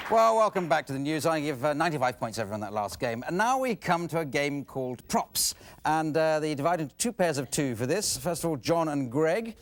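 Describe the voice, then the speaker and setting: A man's voice: fairly high pitch, a bit bright. A British man hosting an improv game show in a TV studio, who talks with lots of hesitant uh's. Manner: hesitant, full of uh's, dry and breezy. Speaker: host. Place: TV studio with a live audience. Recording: studio audience and background noise.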